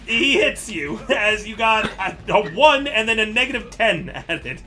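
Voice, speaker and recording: Brief: male game master, high and very bright voice, laughs a lot while narrating. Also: a little slow, faint music behind. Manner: animated, laughs often between rules explanations. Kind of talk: running a tabletop game on a live stream.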